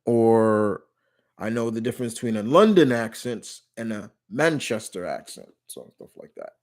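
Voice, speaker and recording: A man's voice: lowish voice, lively intonation, normal speed, darkish tone. A man hosting a live stream Q&A in casual chat, rambling and often restarting or correcting himself mid-sentence. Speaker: live stream host answering viewer questions.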